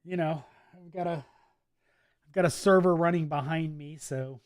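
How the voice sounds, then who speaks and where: A livestream host from Wisconsin in the US Midwest, with an accent mixing Midwest and Southern US, runs a casual live chat from his home office. His voice is a little high at a normal speed, recorded cleanly in studio quality with no echo. He reads viewer comments in a chatty, laid-back way and laughs often.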